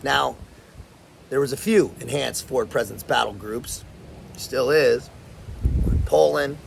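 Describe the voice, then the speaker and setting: Gravelly Californian man telling war stories. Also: mid-range voice, fairly bright tone, slight background noise. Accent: Californian American. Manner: slangy, laid-back, says man and bro a lot. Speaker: host. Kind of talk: casual storytelling.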